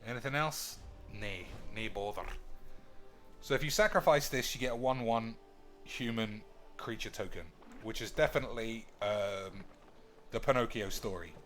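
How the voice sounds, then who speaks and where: A man's voice: lowish voice, normal speed, a bit bright, faint music behind. A man streaming a card game, thinking aloud with crude, joking banter. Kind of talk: casual gameplay commentary.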